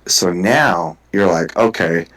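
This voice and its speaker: Low-voiced man telling a rambling story. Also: slow, fairly bright tone, rough recording. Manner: rambling storytelling, heavy swearing, restarts. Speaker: guest. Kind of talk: casual podcast conversation.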